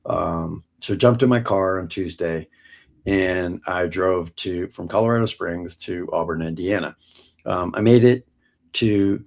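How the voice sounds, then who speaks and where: A middle-aged man hosting his own show, talking casually and haltingly with many ums and restarts. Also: low voice, gravelly, a little mellow. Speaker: podcast host. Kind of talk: casual solo talk.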